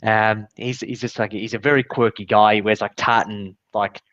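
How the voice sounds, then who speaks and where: A man's voice: on the low side, little pitch movement, normal speed, fairly bright tone, no room sound. A man, co-hosting a podcast in a casual, blunt, storytelling way. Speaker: podcast co-host, financial adviser. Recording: dull, dry sound.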